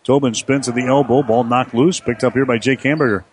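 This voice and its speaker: A man calling college basketball play-by-play in a rapid running commentary that lifts on big plays. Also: mid-range voice, steady tone. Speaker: play-by-play announcer.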